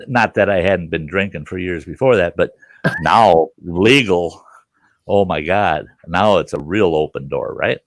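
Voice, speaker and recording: Host, 60s man from Minnesota, cussing storyteller; animated pitch swings, dead-dry sound. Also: no room sound. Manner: profane, animated yarn-spinning with acted quotes. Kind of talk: casual campfire storytelling.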